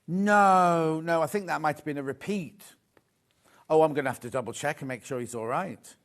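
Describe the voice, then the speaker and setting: A man's voice: fairly high pitch, moderate pace. A middle-aged man hosting a live sewing shopping show, gushing over fabrics and teasing the crew in chatty banter. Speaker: shopping channel host. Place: TV studio.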